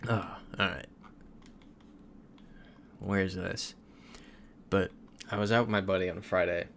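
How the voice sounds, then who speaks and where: A man's voice: sits low, creaky, slight background noise. A young man from Florida, chatting casually on a livestream while he plays, reading out viewer comments and laughing often. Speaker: streamer.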